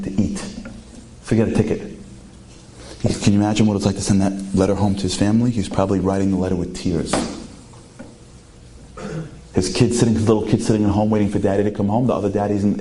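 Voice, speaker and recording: A man telling an inspirational story in an animated way, his pitch leaping up for emphasis, with many rhetorical questions to the audience. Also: a little hiss or hum. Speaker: inspirational speaker.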